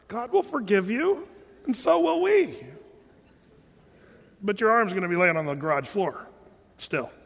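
A pastor preaching a sermon, animated and joking, acting out quotes as he teaches. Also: sits high. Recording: long hall reverb.

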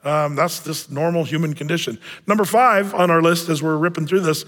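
A male pastor preaches in a relaxed, conversational way, often pausing on small fillers and restarting his phrases. His voice sits a little above the usual male range. The sound carries a long reverb, as if in a large hall. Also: a little high. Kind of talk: sermon.

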